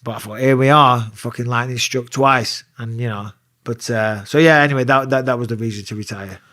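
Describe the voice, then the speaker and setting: A man in his forties with a Northern English accent, telling a story in sweary, animated casual talk as an interview guest. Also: mid-range voice, a little fast, no echo, studio quality. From England. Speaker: interview guest, former fighter.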